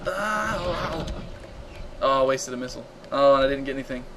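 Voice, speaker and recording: An excitable man commentates his game on a live stream, yelping at fights and answering chat between them. His voice sits at an ordinary middle pitch. A faint hiss of noise runs under the home desk mic. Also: brisk. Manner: excitable, reacting loudly to combat and reading chat aloud. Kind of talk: casual gameplay commentary.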